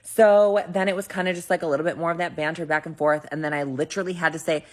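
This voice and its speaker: Woman with a deep voice telling a date story straight and salty, filler-heavy. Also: fairly even intonation, fast talker. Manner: blunt, profane, full of "like". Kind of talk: casual storytime.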